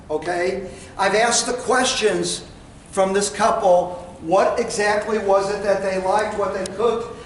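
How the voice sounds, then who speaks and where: A high-pitched man is running a sales training session in a meeting room, folksy in tone and acting out his lines to customers. There's no microphone, and he stands away from the recorder. The result is a distant, roomy recording with faint background noise from the room.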